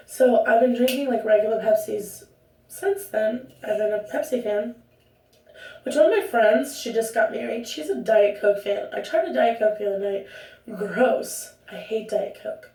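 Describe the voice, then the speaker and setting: A woman's voice: on the high side, moderate pace, warm tone. A young woman vlogging at home, talking casually to the camera in a rambling, chatty way that keeps interrupting itself. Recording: roomy echo, distant from the mic.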